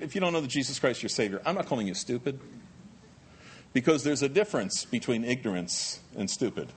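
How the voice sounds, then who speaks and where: Husky middle-aged guy preaching, super animated voice, talks like he's chatting with the congregation. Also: mid-range voice. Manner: lively, conversational preaching with jokey asides. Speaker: pastor. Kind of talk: sermon.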